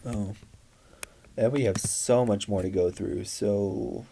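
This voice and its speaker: A man's voice: fairly low pitch, steady tone, slow, gravelly, mellow, a little hiss or hum. A man reacting with outrage, stammering and swearing as he reads out screenshots. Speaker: commentary YouTuber.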